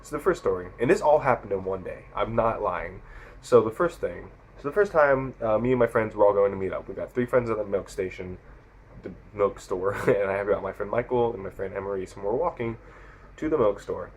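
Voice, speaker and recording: A man's voice: fairly low pitch, brisk, husky, poor audio. A sixteen-year-old boy vlogger rambling through stories into his camera mic, often correcting himself. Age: teens. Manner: rambling, self-correcting, animated retelling. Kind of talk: casual storytelling to camera.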